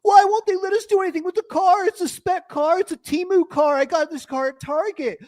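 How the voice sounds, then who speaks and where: A man putting on the voice of complaining race team bosses, in a high mocking whine. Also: fairly quick, a little mellow. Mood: whiny.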